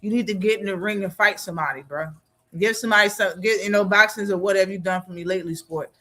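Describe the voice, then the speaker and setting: A man's voice: high-pitched, quick pace, pushed and bright. A man hosting a live boxing talk stream, reacting casually with slang and frequent laughter.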